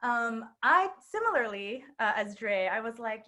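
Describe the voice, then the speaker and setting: A woman's voice: on the high side, big pitch swings, measured pace, bright, forceful tone. A woman telling a personal story at a live storytelling night, chatty and full of fillers and laughter. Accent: New York. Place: queer bookstore event space.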